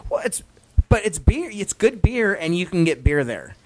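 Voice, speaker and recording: A man with a slightly high voice hosts a casual podcast. He rambles, apologizes for his own slips, and keeps defending his choices even when no one argues. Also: a little hiss or hum. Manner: rambling, self-deprecating, quick to justify himself. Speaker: podcast host.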